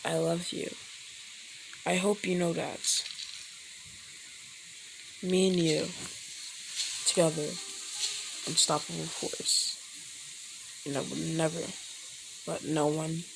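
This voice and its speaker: A woman voicing a young, devoted male ninja hero, talking low and soft, with food sizzling in a pan behind her. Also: steady tone, slow, vocal fry, long pauses, background noise, exaggerated voice. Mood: tender, hushed.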